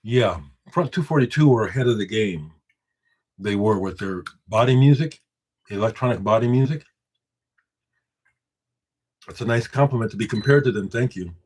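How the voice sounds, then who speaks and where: A man with a husky, slightly breathy voice hosts a casual live stream and chats loosely with his viewers. He replies to their comments and talks up his own records with emphatic, boastful confidence. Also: lowish voice, moderate pace, pauses often, a little mellow. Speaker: musician hosting a live stream.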